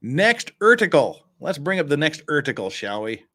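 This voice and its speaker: A man's voice: on the high side, expressive, brisk, fairly bright tone. A man with a Utah accent hosting a casual live stream, reading news articles aloud and breaking off into sarcastic asides. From Cache Valley, Utah. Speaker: host.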